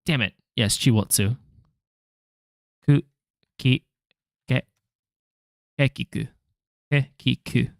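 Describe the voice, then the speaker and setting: A man's voice: medium pitch, slow, gravelly, pauses often, no room sound, studio quality. A young man in casual self-talk, sounding out syllables one by one and joking at his own mistakes to viewers. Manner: muttering syllables, self-deprecating jokes, chatting to viewers. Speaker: language learner vlogger. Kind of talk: casual self-talk while drilling flashcards.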